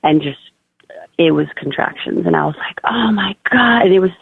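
A young woman tells a personal story in loose, chatty speech, peppered with "like" and "you know". Her voice has a gravelly fry to it. The sound is thin and phone-like, with no room echo at all. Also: low-pitched, fairly even intonation, brisk. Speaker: guest. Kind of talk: personal birth story told in an interview. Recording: tinny, dry phone-line audio.

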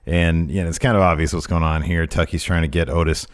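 A man's voice: low-pitched, fairly even intonation, quick pace. A man co-hosting a podcast, chatting in a laid-back, easygoing way. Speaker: podcast co-host. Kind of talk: casual recap chat.

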